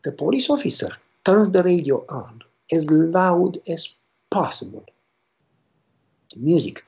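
A pastor telling a story in a sermon, animated and acting out the dialogue with a rising voice. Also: male voice, high-pitched, unhurried, vocal fry, slightly rough. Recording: dull lo-fi recording.

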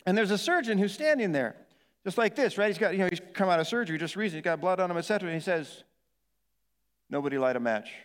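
A middle-aged male pastor telling a dramatic personal story in a sermon, acting out his own shouts and moans. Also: high voice, very fast, big-room sound. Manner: animated storytelling, acts out yelling and moaning.

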